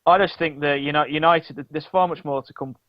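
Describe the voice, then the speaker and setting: A fairly high-voiced man chats about football in a halting way, stopping and restarting his sentences. His voice comes through a dull, lo-fi mic in a dry room. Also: fairly even intonation, dry recording. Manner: halting, many restarts and fillers. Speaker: podcast co-host. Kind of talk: casual sports chat.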